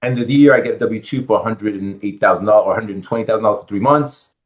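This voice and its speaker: A man's voice: on the low side, racing. A middle-aged man from the Bronx, a guest in a podcast interview, telling his story and acting out what people said to him. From Bronx, New York. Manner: animated storyteller acting out quoted dialogue. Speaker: guest, real estate lender.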